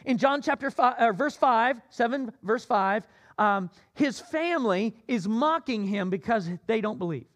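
A man preaching a sermon as pastor, swinging between loud emphatic cries and low asides.

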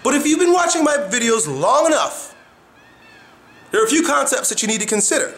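A man talks to his viewers in a motivational style, telling stories and acting out faces and sounds as he goes. His voice sits high and bright, and it swoops widely between points. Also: very animated, fairly quick. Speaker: motivational vlogger. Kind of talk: motivational talk to camera.

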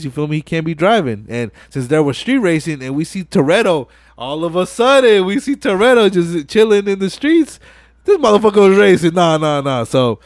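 A man hosting a podcast, retelling a film scene in casual chat with animated, profane storytelling. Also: fairly high pitch, dry recording, studio quality. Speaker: podcast host.

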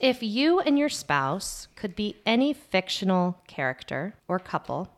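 A middle-aged woman hosting a casual podcast, telling a story with a lot of laughter and going quiet at the embarrassing parts. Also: medium pitch, a little slow. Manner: animated storyteller, laughs often, drops to a hushed voice at the embarrassing parts. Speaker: podcast host.

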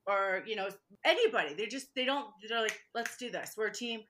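A woman talking as a guest in a relaxed interview. Her voice is bright and forceful, and she chats freely, laughing often and acting out what people said. The talk is casual and lively. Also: fairly high pitch, fairly quick, a little hiss or hum. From Michigan, USA. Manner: chatty, laughs often, acts out quotes.

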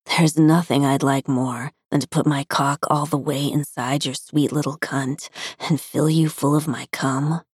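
A woman narrator voicing a soft-spoken young man, a tender stepbrother who talks in a husky murmur. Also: low-pitched, fairly even intonation, unhurried, dry recording, clean studio sound.

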